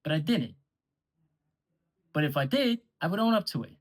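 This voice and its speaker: A man with a slightly higher-pitched voice talks straight to the camera in a taunting callout rant. His tone is sarcastic and mocking, and he swears freely. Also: very animated, normal speed. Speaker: online league owner.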